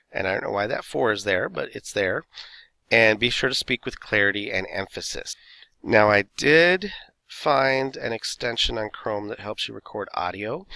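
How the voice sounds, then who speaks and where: Male teacher, bright dry voice. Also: fairly low pitch, no room sound. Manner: casual, loose, fillers and self-corrections. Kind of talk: recorded classroom instructions.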